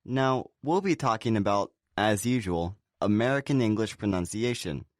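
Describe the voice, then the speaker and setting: A man co-hosting a scripted pronunciation lesson. His voice sits on the low side, and he explains things clearly and steadily. The sound is dry, with no room around it. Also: animated, moderate pace, no room sound. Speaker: pronunciation teacher.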